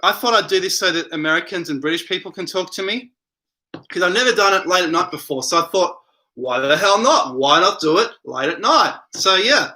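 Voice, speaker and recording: A man with a high, very bright voice hosts a casual late-night livestream from home. He reads viewer comments aloud and wanders off into rambling replies. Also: animated, brisk. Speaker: livestream host reading chat.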